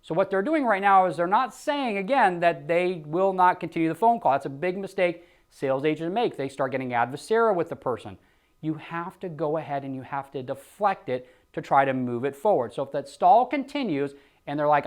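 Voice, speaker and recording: A man's voice: fairly high pitch, expressive, brisk. A man coaching insurance agents, acting out phone scripts and punching points with emphatic exclamations. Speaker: sales trainer. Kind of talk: sales coaching lesson with role-played scripts.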